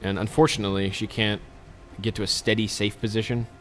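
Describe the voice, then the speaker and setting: A man's voice: on the low side, little pitch movement, fairly quick, a bit bright, soft background music. A man hosting a let's play, giving casual, chatty commentary with joking asides to his viewers.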